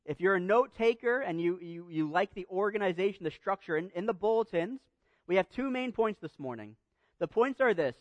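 A man preaching a sermon, earnest and emphatic, with pauses and small restarts. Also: high-pitched, lively intonation, no echo, highs cut off. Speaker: pastor.

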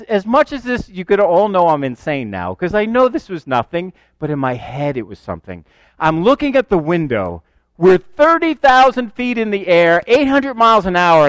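An older man preaching a sermon, telling stories with lively, self-mocking humor. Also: high voice, no room sound. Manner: animated storyteller, self-mocking. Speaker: pastor.

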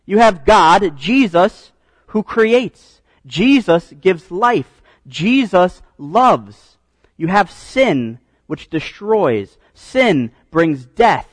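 A man's voice: sits high, no echo, rough recording. A man preaching a sermon in a conversational teaching style, often checking in with "right?" and repeating words as he restarts.

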